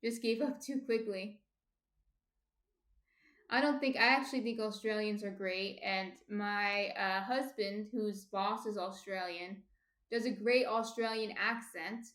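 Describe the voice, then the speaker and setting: A woman from New Jersey talks through a home baking livestream, reading viewer comments aloud and wandering off on tangents. Her voice sits at an ordinary middle pitch, full of fillers and restarts. The sound carries a noticeable echo from the kitchen around her. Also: steady tone, measured pace, a bit bright. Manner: chatty, rambling with many fillers and restarts. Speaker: baking streamer.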